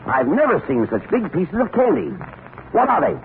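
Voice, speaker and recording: A man's voice: high-pitched, huge pitch swings, moderate pace, vocal fry, phone-quality sound. A man playing the scolding straight man in a 1940s radio comedy. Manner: scolding, exasperated. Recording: scratchy old radio broadcast, loud hiss.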